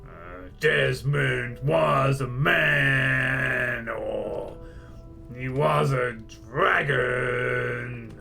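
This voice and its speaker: A man's voice: mid-range voice, vocal fry, bright, forceful tone. A man hosting a casual let's play, cracking jokes, swearing and laughing at himself as he plays. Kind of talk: casual gameplay commentary.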